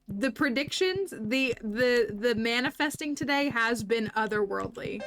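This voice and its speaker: A woman's voice: on the high side, a little slow, few pauses, fairly bright tone, soft background music. A woman streaming a video game, chatting casually with viewers, interrupting herself and explaining the game's mechanics. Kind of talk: casual gameplay livestream chat.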